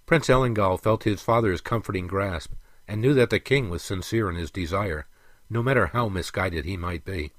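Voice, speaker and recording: A man narrating a fantasy audiobook in a steady, even storytelling manner. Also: low-pitched, normal speed, dry recording.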